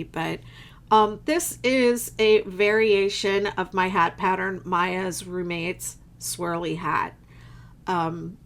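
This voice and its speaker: A woman's voice: on the low side, creaky. A woman hosting a casual live-stream craft chat from home, rambling and chatty with lots of fillers. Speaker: crochet designer and channel host.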